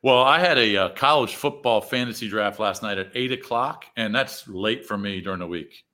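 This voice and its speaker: A man's voice: on the low side, moderate pace, pushed and bright. A man co-hosting a sports betting podcast, chatting in an easygoing, agreeable way. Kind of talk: casual chat.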